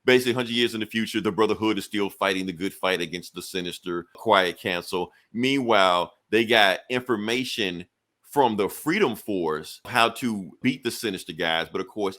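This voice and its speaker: A man casually reviewing a comic book, animated and acting out scenes with quick voices. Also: low voice.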